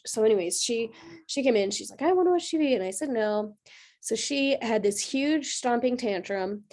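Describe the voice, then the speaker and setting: A woman's voice: mid-range voice, a little mellow. A woman astrologer hosting a casual livestream, chatting in a rambling way with lots of filler words. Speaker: astrologer and host.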